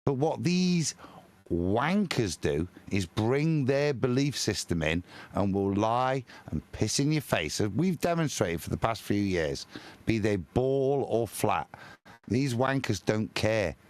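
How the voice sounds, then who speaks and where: A man's voice: mid-range voice, big pitch swings, slow, darkish tone. A man co-hosting a live stream, talking in a rambling, emphatic way with crude insults. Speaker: live show co-host.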